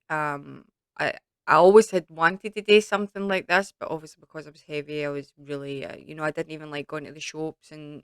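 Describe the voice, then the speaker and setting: A woman's voice: low-pitched, fairly bright tone, clear, resonant tone, no echo. A young woman with a Scottish accent chatting casually to camera in a Q&A, rambling with lots of fillers. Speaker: YouTube creator.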